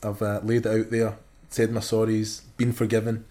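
A Scottish man co-hosting a podcast, upbeat and quick to laugh. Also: on the low side, completely flat delivery, warm tone. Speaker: podcast co-host. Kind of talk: casual podcast chat.

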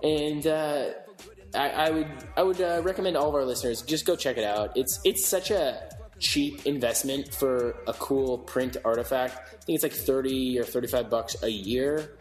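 A man's voice: medium pitch, normal speed, echoey room, soft background music. Sarcastic, rambling male podcast co-host. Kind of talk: casual podcast chat.

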